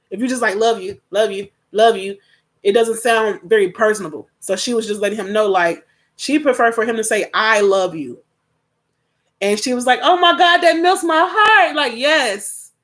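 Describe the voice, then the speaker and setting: Profane, laughing young woman tarot reader. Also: a little high. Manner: blunt, profane, laughs loudly and often; casual slangy talk. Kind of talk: live-stream tarot reading.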